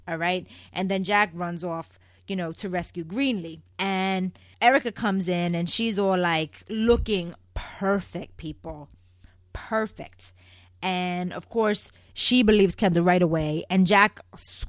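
A woman's voice: lowish voice, no echo, clean studio sound. Chatty, sassy woman recapping soaps. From Puerto Rico. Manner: chatty, sassy, addresses viewers as "people". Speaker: soap opera recap host. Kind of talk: casual chat.

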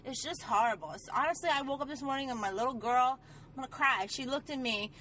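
A woman's voice: high voice, fast, slight background noise, rough recording. Tired, blunt woman telling stories. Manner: blunt, swears freely, animated storytelling. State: tired from lack of sleep. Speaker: podcast co-host. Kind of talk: casual chat.

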